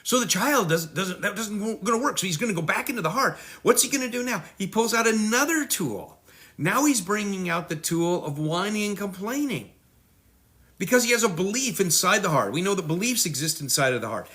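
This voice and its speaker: A middle-aged man giving a parenting lesson, acting out children and parents in quick voices. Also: high voice, lively intonation, bright, forceful tone. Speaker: parenting teacher. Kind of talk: teaching talk.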